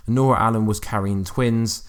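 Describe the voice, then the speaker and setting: A man's voice: lowish voice, steady tone, normal speed, clear, resonant tone. Man musing over fan theories. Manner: reads quotes aloud, then muses with fillers and restarts. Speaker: YouTube fan channel host. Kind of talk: casual commentary on TV news.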